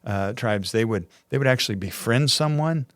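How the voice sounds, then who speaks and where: A man's voice: medium pitch, moderate pace, fairly bright tone, no echo, clean studio sound. A man co-hosting a church podcast, casually telling stories in a rambling way, with restarts. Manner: rambling, with frequent restarts and playful voices. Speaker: co-host. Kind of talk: casual conversational storytelling.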